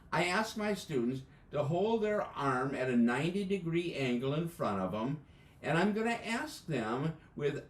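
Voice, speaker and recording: An American man with a fairly high voice walks band teachers through embouchure steps, methodical and full of small fillers. His voice comes over a video call from a room with a noticeable echo. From United States. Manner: methodical, explaining step by step with frequent fillers. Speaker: band music educator. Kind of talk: instructional demonstration. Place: indoors, joining live by video. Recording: echoey room.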